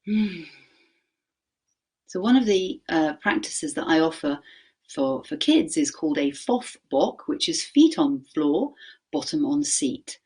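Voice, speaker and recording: A woman teaching mindfulness to teachers. She asks the group questions, checks in with "okay?", and slows to a gentle pace when she guides a practice. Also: low-pitched, big pitch swings, breathy edge.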